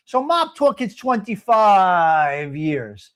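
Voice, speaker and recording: A man nearing sixty, talking to his live viewers in a voice pitched high for a man. He rants loudly and swears freely, calling his viewers by name as he goes. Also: very animated, normal speed, hardly any pauses. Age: 50s. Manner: loud, profane, ranting, addresses viewers by name. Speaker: live-stream host. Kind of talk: casual chat to live chat viewers.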